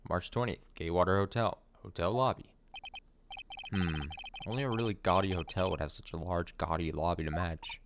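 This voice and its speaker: A man's voice: low-pitched, normal speed, a little hiss or hum. A young man streaming a video game, giving casual, sarcastic commentary with swearing. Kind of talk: let's play commentary. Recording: game music behind.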